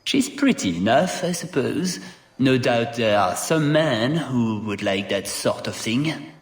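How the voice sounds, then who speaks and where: A man's voice: medium pitch, expressive, takes it slowly, echoey room, recorded from a distance. An actor playing a pompous, vain male nobleman in a video game, speaking in a condescending, haughty manner.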